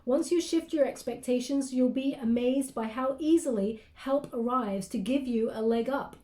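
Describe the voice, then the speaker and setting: A woman's voice: high voice, moderate pace, warm tone, roomy sound. A woman giving a casual tarot reading, rambling and apologetic, with lots of fillers and restarts, yawning and sleepy. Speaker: tarot card reader.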